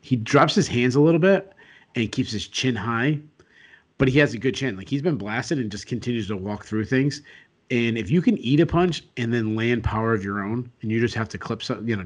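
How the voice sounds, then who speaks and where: A man co-hosting a sports podcast late at night, sounding sleepy and giving casual, rambling fight analysis full of restarts. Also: medium pitch. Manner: rambling, filler-heavy, frequent restarts. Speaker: co-host and analyst.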